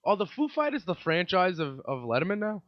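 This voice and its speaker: A man's voice: high voice, very animated, brisk, no echo. A man hosting a comedy podcast, ranting sarcastically and repeating his points. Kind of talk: comedic rant. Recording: dry, dull lo-fi sound.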